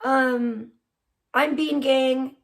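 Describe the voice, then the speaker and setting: A high-pitched woman talks straight to her livestream chat. She swears freely and speaks bluntly and heatedly, like she's venting to friends from a home streaming setup. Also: moderate pace. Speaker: livestream host. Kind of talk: casual live-stream chat with viewers.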